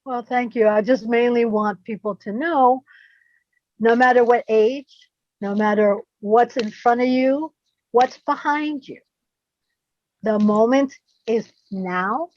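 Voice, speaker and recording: A woman guest on a video call interview, warm and effusive, dropping in Spanish words. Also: on the high side, slow pace, dry recording, highs cut off. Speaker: guest influencer.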